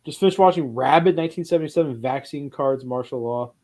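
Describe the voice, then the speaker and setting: A man hosting a casual film podcast, talking in an animated way with quick asides and a lot of swearing. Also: medium pitch. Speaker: podcast host.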